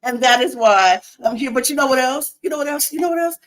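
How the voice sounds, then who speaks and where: Woman, podcast co-host, sassy and theatrical, a bit sick, fairly high voice, very animated pitch. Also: quick pace, hardly any pauses. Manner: sassy, theatrical, playfully defensive. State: sick, congested. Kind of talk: casual podcast banter.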